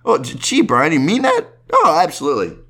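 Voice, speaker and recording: A man impersonating a soft-spoken, polite male comedian in a halting, stammering voice. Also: huge pitch swings, full character voice. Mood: bashful. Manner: high, halting, stammering goofball voice.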